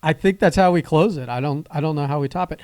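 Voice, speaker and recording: A man's voice: a little high, quick pace, darkish tone, dry recording, studio quality. A man co-hosting a podcast in casual chat, cracking jokes and laughing often. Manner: laughs often, jokey interjections. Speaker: podcast co-host.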